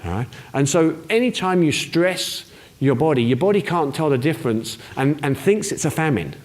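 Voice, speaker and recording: A man's voice: fairly high pitch, big pitch swings, normal speed. Chatty man explaining health advice. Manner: chatty, frequent restarts and check-ins like "all right?". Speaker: wellness presenter. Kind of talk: casual explanatory talk to camera.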